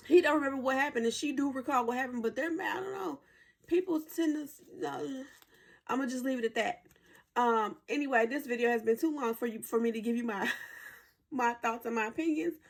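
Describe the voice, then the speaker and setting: A woman in her forties who is losing her voice, giving chatty, slangy, opinionated commentary to her viewers. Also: high-pitched. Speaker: commentary vlogger. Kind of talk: casual storytime commentary. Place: home in winter.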